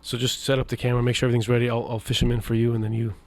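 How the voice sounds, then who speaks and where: A young man telling stories in a casual podcast chat, animated and laughing as he acts out what others said. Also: medium pitch, very fast, no echo. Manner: animated, acts out quoted voices, laughs often. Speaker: podcast guest, media founder.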